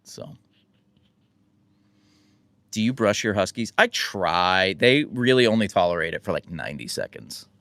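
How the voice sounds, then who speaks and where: Creaky low-voiced American man chatting. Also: measured pace, long pauses, no echo. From United States. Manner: relaxed, rambling, self-deprecating. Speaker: livestream host answering chat. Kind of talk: casual live chat.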